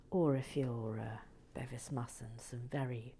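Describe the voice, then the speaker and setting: A woman hosts a relaxed building video in a low, unhurried voice. She rambles, pokes fun at herself, and often sinks into a breathy whisper mid-sentence. Her delivery stays soft and easygoing. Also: a little hiss or hum. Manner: rambling, self-mocking, drops to a whisper while building. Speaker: host of a building channel.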